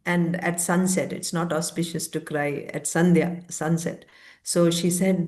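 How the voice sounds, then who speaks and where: A woman's voice: on the low side, steady tone, unhurried, a little mellow. A woman teaching a scripture class, retelling the story in a conversational way with fillers and asides.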